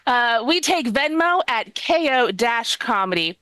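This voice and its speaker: Woman, comedy show host, upbeat and teasing, fairly high voice, dry close sound. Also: sing-song, measured pace, pushed and bright, clear, resonant tone, dry recording. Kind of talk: live stand-up show hosting.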